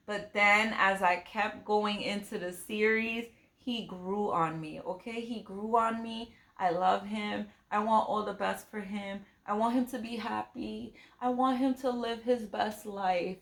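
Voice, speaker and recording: A woman's voice: mid-range voice, a little slow, fairly bright tone, echoey room. A woman book vlogger chatting casually and emotionally about a novel she is reading, rambling with many fillers. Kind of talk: casual reading vlog chat.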